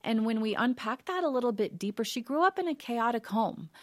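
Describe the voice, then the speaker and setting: A woman counselor, a guest on a talk show, explaining things in a measured way. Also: fairly high pitch, expressive. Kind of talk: conversational interview.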